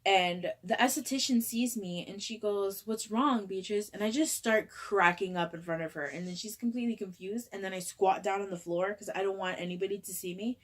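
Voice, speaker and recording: A young woman vlogger casually retelling a story in a chatty, animated way, acting out the dialogue. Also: mid-range voice, fairly quick, few pauses.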